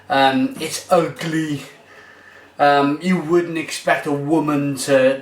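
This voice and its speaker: A man's voice: a little high, a bit bright. A man giving a casual, enthusiastic beer tasting review. He rambles with fillers as he talks. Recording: roomy echo, mic far off.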